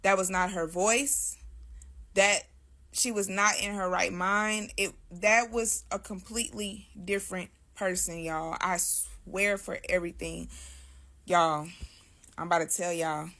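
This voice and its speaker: A woman's voice: fairly low pitch, fairly even intonation, measured pace, fairly bright tone. A woman as a guest, casually telling her own story in loose, slangy speech and often addressing listeners as "y'all".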